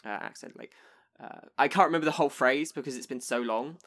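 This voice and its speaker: A man's voice: mid-range voice, quick pace. Easygoing man chatting as a guest. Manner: relaxed, many fillers and small laughs. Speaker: podcast guest and fellow player. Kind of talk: casual podcast chat.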